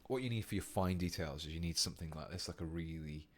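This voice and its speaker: He speaks quickly in a low voice, a British man running a laid-back painting tutorial on a live stream. Between brushstrokes he chats with viewers and reads their comments out.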